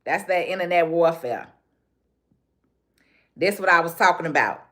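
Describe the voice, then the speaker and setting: A woman's voice: fairly low pitch, animated, unhurried, sharp tone. A woman with a Chicago accent ranting on a casual phone livestream, blunt and repetitive, with street slang. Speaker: livestream host.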